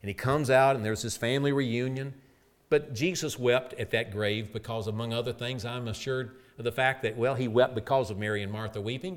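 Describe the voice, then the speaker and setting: A middle-aged man preaching a sermon with earnest emphasis, rising to loud peaks and dropping to soft, quiet endings. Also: mid-range voice, fairly even intonation, a little fast.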